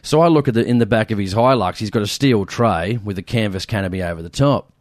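A man's voice: on the low side, quick pace, no echo, studio quality. A man with an Australian accent, co-hosting a casual chat and telling a long story, full of fillers and acted-out quotes. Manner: rambling, lots of fillers, acts out quotes. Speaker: podcast co-host.

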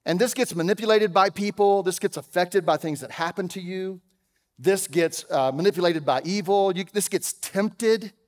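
Pastor guy preaching, kinda high voice, chatty with jokes, big church echo. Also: normal speed. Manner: conversational preaching, swings from loud emphasis to quiet; humorous asides. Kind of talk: sermon. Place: church auditorium.

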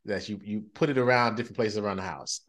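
A man in his thirties with a low voice chats on a podcast. He tells stories loosely, acts out the voices of the people in them and laughs often. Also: fast. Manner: animated storyteller, laughs often, acts out quotes. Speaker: podcast co-host. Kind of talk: casual chat.

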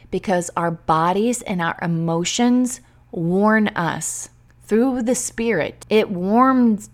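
A woman hosting a podcast, talking earnestly and emotionally straight to her listeners in a heartfelt, faith-based way. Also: mid-range voice. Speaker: podcast host and teacher coach.

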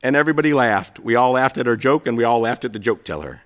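A middle-aged pastor preaching a sermon, telling stories with self-deprecating humor. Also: male voice, mid-range voice, lively intonation, quick pace, a bit bright.

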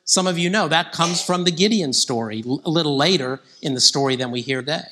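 A man preaching a conversational sermon, growing animated when he quotes scripture figures. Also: on the high side, a little fast.

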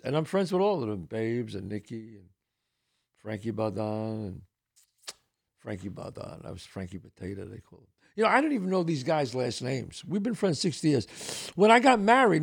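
A man's voice: mid-range voice, vocal fry. An older man with a Bronx New York accent, telling stories as a podcast host and acting out the voices of people he quotes. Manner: animated storyteller who acts out quoted voices. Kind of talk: casual storytelling.

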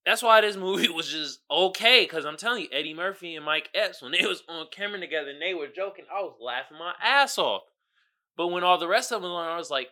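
A young adult man hosting a podcast, casually ranting about a movie in an animated, exasperated, slangy way. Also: high-pitched, quick pace. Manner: animated, exasperated, slangy with mocking put-on quotes. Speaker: podcast host reviewing a movie. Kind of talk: casual rant.

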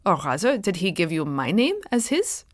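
A man's voice: high voice, wildly swooping pitch, moderate pace, no room sound, clean studio sound. A woman voicing a dignified colonial pastor, bewildered at an accusation, speaking formally and with measure.

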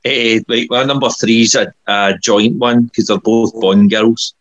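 A man co-hosting a casual podcast chat, agreeable and quick to laugh. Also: mid-range voice, fairly even intonation, no room sound, highs cut off. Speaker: podcast co-host.

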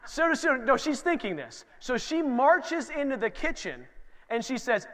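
High-voiced pastor preaching in a reverberant hall. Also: male voice, unhurried. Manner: animated storytelling, acts out his kids' voices. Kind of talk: sermon. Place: church sanctuary.

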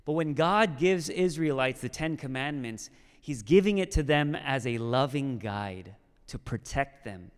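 A man's voice: mid-range voice, expressive, measured pace, smooth. A man preaching a sermon in a conversational way, checking in with the listeners often. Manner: conversational, with frequent "okay?" and "right?" check-ins. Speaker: pastor. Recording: long hall reverb.

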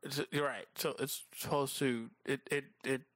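A man in a casual chat, teasing his friend and laughing often between quick asides. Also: medium pitch, steady tone, fairly bright tone, no echo.

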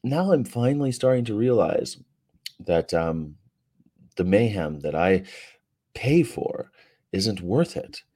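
A man's voice: fairly low pitch, big pitch swings, takes it slowly, long pauses, mellow. A man hosting a casual livestream from a hotel room, reading viewer comments with a sarcastic, joking, rambling manner. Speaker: vegan activist livestream host.

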